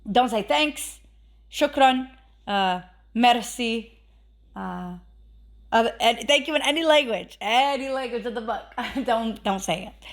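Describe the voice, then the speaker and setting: A woman's voice: on the high side, measured pace. A woman hosting a casual instructional vlog, chatty, with lots of fillers and emphatic repeated warnings. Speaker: witchcraft video host.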